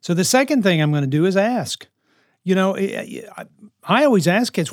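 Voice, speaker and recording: A man's voice: high-pitched, lively intonation, moderate pace, no echo, studio quality. A man who lives with and mentors teenagers gives earnest advice to parents, often repeating himself for emphasis. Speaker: houseparent to high school kids.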